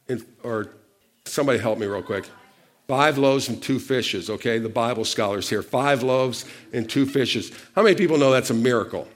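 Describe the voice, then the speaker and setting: Lively preacher man with call-and-response. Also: medium pitch. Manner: animated, shifts loudness for emphasis. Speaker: pastor. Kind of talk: sermon.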